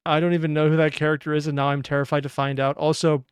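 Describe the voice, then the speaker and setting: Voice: mid-range voice, flat delivery, rapid-fire, smooth, no room sound. A reaction video host giving casual, rambling, amused commentary.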